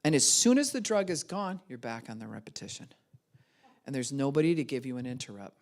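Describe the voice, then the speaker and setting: A woman's voice: low-pitched, normal speed. An older woman pastor giving a sermon, telling stories and acting out the voices in them. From United States. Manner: animated storytelling, acts out voices.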